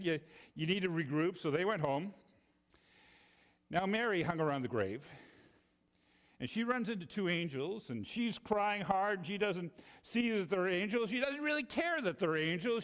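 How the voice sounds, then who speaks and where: Man preaching in a reverberant church. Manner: expressive, dropping low and soft for emphasis, repeating words. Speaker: pastor. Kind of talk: sermon.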